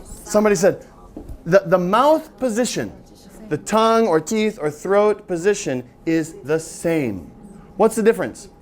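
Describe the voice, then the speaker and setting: A man's voice: sits high, lively intonation, a little slow. A man presenting a phonics seminar, quizzing his audience with questions and carefully modeling each sound aloud. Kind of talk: interactive teaching seminar. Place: seminar room with a live audience.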